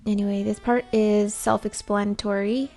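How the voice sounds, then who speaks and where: A woman's voice: medium pitch, little pitch movement, moderate pace, darkish tone. A woman doing a casual, rambling vlog voice-over in a chatty, self-deprecating way. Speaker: vlogger.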